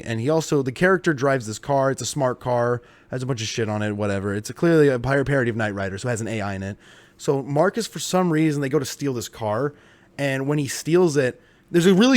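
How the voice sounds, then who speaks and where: A man's voice: medium pitch, no room sound. A man co-hosting a podcast, ranting with lots of swearing in casual chat. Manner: profane, ranting. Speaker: podcast co-host.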